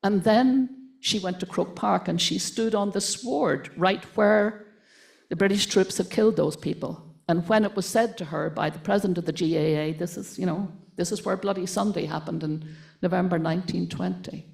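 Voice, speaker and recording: An older woman giving a keynote speech, telling a story emphatically with repetitions and lively asides. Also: fairly low pitch, moderate pace, creaky. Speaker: keynote speaker. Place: conference stage.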